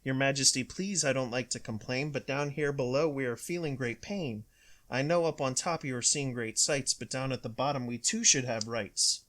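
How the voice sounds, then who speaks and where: A man's voice: medium pitch, moderate pace, a bit bright, lightly acted. A man voicing a plain, humble little turtle who pleads meekly in a storybook reading. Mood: pleading. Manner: meek, pleading.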